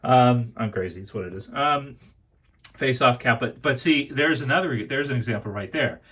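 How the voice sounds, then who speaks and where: A man's voice: medium pitch, normal speed, a bit bright, breathy edge. A man chatting casually as he shows off his toy collection, rambling and restarting phrases and calling his viewers "dudes". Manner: repeats and restarts phrases often. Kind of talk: casual collection tour vlog.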